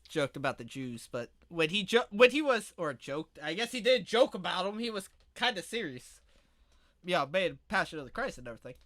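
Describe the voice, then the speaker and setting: A man co-hosting a podcast in casual chat, joking crudely and often breaking into loud mock-shouted impressions. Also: high voice. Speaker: podcast co-host.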